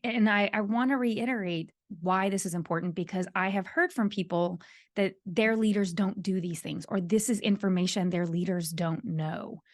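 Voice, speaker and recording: A woman's voice: medium pitch, normal speed, dry recording, studio quality. A woman hosting a solo podcast who coaches leaders, speaking earnestly and repeating her key points for emphasis.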